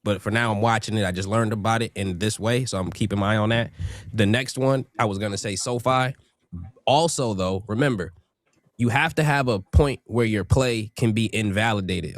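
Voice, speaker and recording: Low-voiced man giving stock advice. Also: no room sound, studio quality. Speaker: stock commentator. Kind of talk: casual market commentary.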